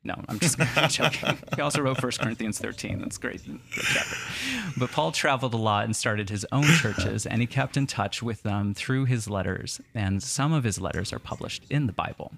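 A man's voice: lowish voice, normal speed, gravelly, a bit bright. A man co-hosting a casual chat, wry and joking as he reads scripture aloud. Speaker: podcast co-host.

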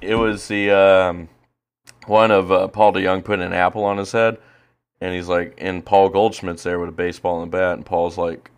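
A man co-hosts a casual podcast, rambling and swearing with plenty of fillers as he reacts to a baseball game. His voice is low, clean and level, at a moderate pace.

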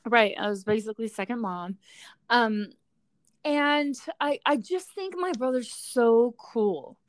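A woman's voice: on the high side, lively intonation, slow, no room sound. A woman co-hosting a podcast, chatting casually, swearing freely and laughing often. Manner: swears a lot, laughs often, blunt reactions. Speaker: podcast co-host. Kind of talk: casual chat.

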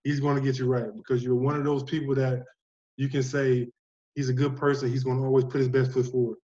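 A man's voice: mid-range voice, fairly quick, lo-fi sound. A man talking as a basketball coach and podcast guest, telling stories and acting out his players' words in casual conversation. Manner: animated storyteller, acts out players' words.

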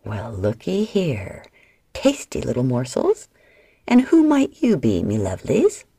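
A woman's voice: a bass voice, huge pitch swings, measured pace, vocal fry, warm tone, slightly rough, no room sound, studio quality, voice pushed down, heavily acted. A woman voicing a cruel, portly male slaver who jeers, drawls and bellows orders. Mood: gloating.

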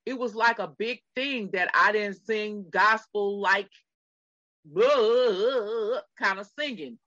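A woman's voice: mid-range voice, a little slow, pushed and bright, no room sound, highs cut off. A middle-aged woman co-hosting a podcast in casual chat, emphatic and talking straight to her listeners. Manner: emphatic, addresses listeners directly. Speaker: podcast co-host.

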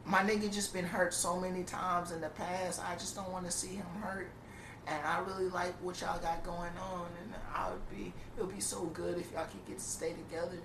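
A man voicing his sentimental young friend in a hushed, earnest plea, in an echoey room away from the mic. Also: high-pitched, level tone, normal speed, background noise. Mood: pleading.

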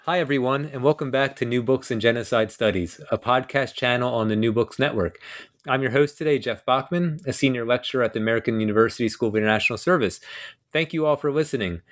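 A man hosting a podcast interview, halting and full of you knows. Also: medium pitch. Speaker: podcast host, lecturer.

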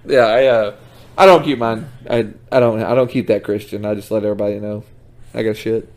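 A young man co-hosting a podcast, easygoing and quick to laugh along. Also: lowish voice, steady tone, darkish tone. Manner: laid-back, agreeable, laughs along. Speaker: podcast co-host. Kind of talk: casual chat.

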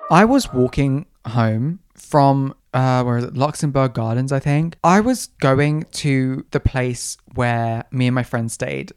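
A young podcast host spins stories in loose, slangy chat, voice leaping up and down in pitch to act out every quoted line. The delivery is dramatic and animated, and the host sounds fully at ease behind the mic. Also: measured pace, hardly any pauses, clear, resonant tone, faint music behind. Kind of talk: casual storytelling.

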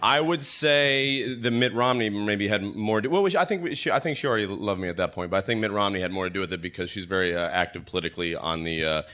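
A man, a guest on a live comedy podcast, answering in a halting, easygoing way. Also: fairly low pitch, sharp tone.

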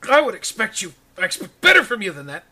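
A man's voice: high-pitched, wildly swooping pitch, fast, pushed and bright, husky, pitched above the performer's own voice, full character voice. A man voicing an angry male companion who scolds sharply. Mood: scolding. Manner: scolding, exasperated.

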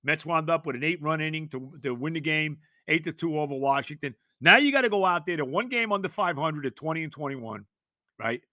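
Loud ranting high-voiced New man. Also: animated, brisk, dry recording, studio quality. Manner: loud, exasperated ranting with shouted repetitions. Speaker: sports podcast host. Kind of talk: sports talk rant.

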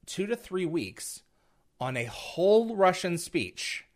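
A man's voice: sits high, sing-song, takes it slowly. A man hosting an interview podcast, prompting his guest and laughing often. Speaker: podcast host. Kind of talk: casual interview.

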